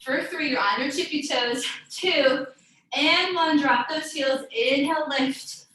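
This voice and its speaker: Leading a live yoga class, a woman with a high-pitched, fairly bright voice gives encouraging cues at a slightly slow pace and names individual students. The recording is very echoey, with her voice far from the mic and faint noise behind it.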